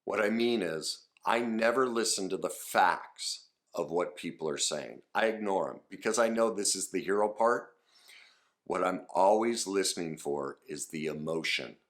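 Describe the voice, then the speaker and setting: A man's voice: low voice, a bit bright. A middle-aged man teaching listening skills to camera in an earnest, conversational way, sometimes acting out sample dialogue.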